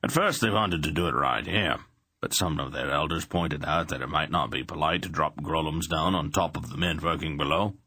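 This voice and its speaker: A man's voice: extremely low pitch, moderate pace, sharp tone, a little hiss or hum. A man voicing a plain-spoken, practical middle-aged smith who explains things with dry understatement. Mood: matter-of-fact. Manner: dry, matter-of-fact understatement.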